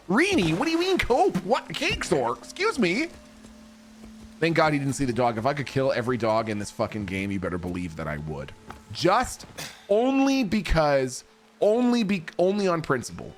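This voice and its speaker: A male streamer gives casual gameplay commentary, trading animated, profane banter with chat. His voice sits slightly high and swings widely in pitch, with faint game music behind.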